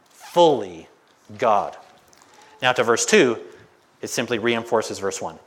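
A male pastor preaching a slow, emphatic Bible-teaching sermon in a church, stopping for rhetorical questions. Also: medium pitch, fairly bright tone.

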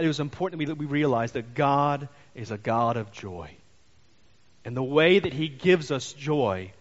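A man preaching a sermon as pastor, telling stories in an animated way and briefly acting out the voices he quotes. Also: mid-range voice. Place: church sanctuary. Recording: muffled church hall reverb.

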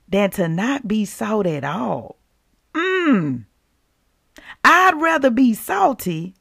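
A woman's voice: mid-range voice, creaky, no echo, studio quality. A woman hosting a Christian devotional podcast, exuberant and laughing as she calls out to her listeners.

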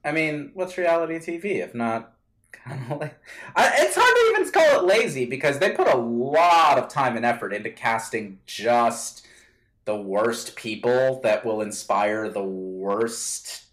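Rambling man with a lively pitch. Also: a little slow. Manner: rambling, hedging, self-interrupting. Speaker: podcast co-host. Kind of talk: casual chat.

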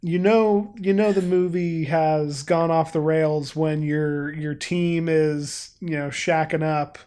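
A man co-hosting a podcast, talking casually in a halting, rambling way with fillers and laughs. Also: on the high side, steady tone, darkish tone, clean tone. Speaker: podcast co-host. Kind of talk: casual chat.

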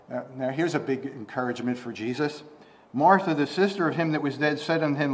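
There is slight background noise as a man preaches conversationally at a moderate pace. He asks rhetorical questions, often begins again mid-thought, and gets higher and louder on scripture quotes.

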